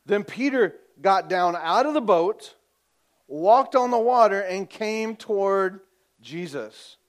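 High-voiced preacher asking for amens. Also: male voice, slow pace. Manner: lively storytelling, swings between loud and hushed; asks the congregation for amens. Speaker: pastor. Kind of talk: sermon.

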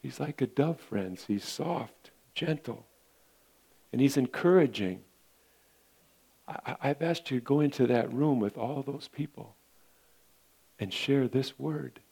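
A man's voice: medium pitch, measured pace, creaky, pauses often, dark tone, husky. A male pastor preaching a sermon in an earnest, repetitive way, often calling his listeners friends.

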